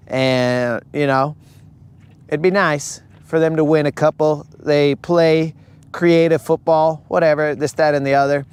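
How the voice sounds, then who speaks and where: A young male livestream host rants about football in a joking, casual tone and keeps saying bro. His voice sits a bit high, and he talks at an unhurried, drawn-out pace. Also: clear, resonant tone. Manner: ranting, joking, says bro a lot. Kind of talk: casual live-stream rant.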